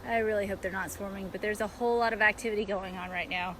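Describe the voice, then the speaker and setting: A woman beekeeper talking chattily while filming in her backyard, excitable, laughing often and coaxing the bees. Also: mid-range voice, fast talker, a little hiss or hum. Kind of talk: casual outdoor vlog narration. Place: backyard outdoors.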